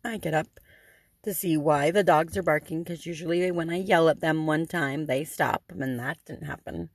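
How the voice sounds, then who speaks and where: A woman's voice: low voice, normal speed, breathy edge, no room sound. A middle-aged woman telling a story as a podcast host, in a chatty way with many ums and dry sarcasm. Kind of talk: casual storytelling.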